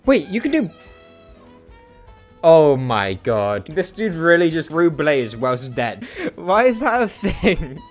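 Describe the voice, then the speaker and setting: He is a young man whose fairly high voice leaps around constantly as he gives live gameplay commentary. He jokes, mock-complains and breaks into yelps and laughter at the action on screen. Faint music plays underneath. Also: slow. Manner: excitable, jokey, bursts into laughter and yelps. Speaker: gaming streamer.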